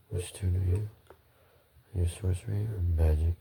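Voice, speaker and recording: A man's voice: sits low, steady tone, normal speed, gravelly, warm tone, a little hiss or hum. A man rambling through a solo monologue, swearing, restarting and apologizing often.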